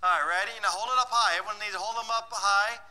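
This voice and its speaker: A man's voice: high voice, fairly even intonation, fast talker, sharp tone, rough recording. A man presenting a live financial workshop, teasing and bossing the audience in a playful way and laughing often. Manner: laughs often between remarks.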